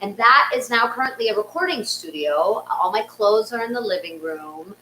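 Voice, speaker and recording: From a closet studio in her small apartment, a woman hosts and tells a casual comic story, chatty and self-mocking, with plenty of ums. Her mid-range voice is expressive, pushed, and bright at normal speed, and the recording has a roomy echo and faint hum.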